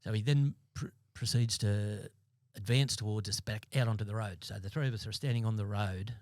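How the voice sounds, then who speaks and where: Blunt, halting Australian man, lowish voice. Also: darkish tone, dry recording, clean studio sound. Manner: blunt, halting, repeats and restarts words. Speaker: former police sergeant, podcast guest. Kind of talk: interview storytelling. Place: podcast studio.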